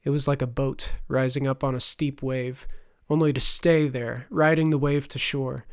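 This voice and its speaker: A man narrating a fantasy audiobook in a steady, expressive storytelling manner. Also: medium pitch, moderate pace, clean tone, dry recording, clean studio sound.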